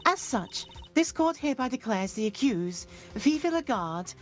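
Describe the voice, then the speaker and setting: A woman voicing a stern, formal judge in a fan voice-acting stream of a game, speaking in measured legal language over faint music. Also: fairly high pitch, sing-song.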